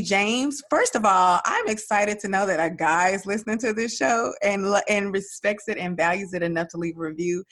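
A woman's voice: medium pitch, fairly bright tone. A woman with a Southern Dallas accent hosting a podcast, talking in an upbeat, chatty way. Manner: upbeat, chatty, lots of y'all and girl. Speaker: podcast host. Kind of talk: casual podcast chat.

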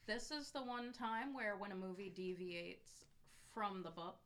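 A woman's voice: mid-range voice, a little slow, a bit bright, slight background noise. A woman co-hosting a podcast, tossing in short, quippy remarks during casual chat.

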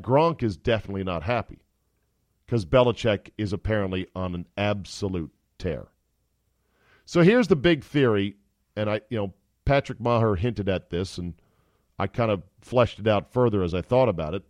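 A man hosting a sports podcast, delivering an animated, opinionated, sometimes profane monologue. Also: fairly low pitch, dry recording, clean studio sound. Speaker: podcast host.

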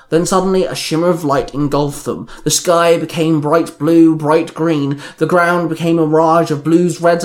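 A young man reading his own superhero fan story aloud, telling it plainly with small slips and raising his voice for the characters' lines. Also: a little high. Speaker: fan fiction reader.

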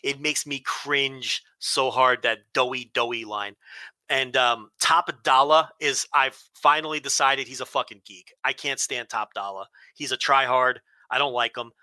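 A man's voice: medium pitch, steady tone, a little slow, bright, forceful tone, no echo. A man co-hosting a wrestling podcast, talking bluntly and swearing freely in casual chat. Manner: blunt, profane, mocking. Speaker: podcast co-host.

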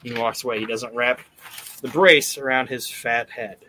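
A man hosting a podcast, retelling events in an animated, casual way and acting out quotes, swearing freely. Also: mid-range voice, normal speed, a little hiss or hum. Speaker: podcast host recapping wrestling. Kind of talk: casual chat.

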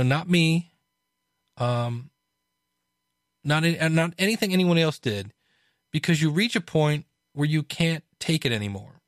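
Animated man discussing a book, higher voice. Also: dry recording, studio quality. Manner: conversational, frequent restarts and fillers. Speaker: podcast host reviewing a book.

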